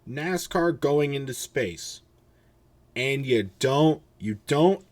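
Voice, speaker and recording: A podcast host rambles through a casual episode sounding tired and yawning, swearing freely and restarting sentences as he goes. His voice is mid-range and animated but slow.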